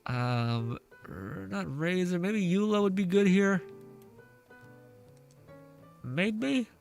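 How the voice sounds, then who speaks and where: This streamer's voice sits high with vocal fry and a darkish tone, and he speaks very slowly. He plays and chats loosely, reads out chat messages, swears a lot and laughs readily. A face mask covers his mouth, and soft music plays behind him.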